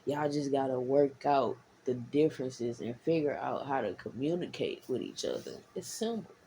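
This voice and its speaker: A woman talking casually to her followers, rambling and repeating herself. She swings from low murmurs to heated, profane bursts. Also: animated, normal speed, mellow, slight background noise, rough recording. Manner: frank and profane. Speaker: vlogger.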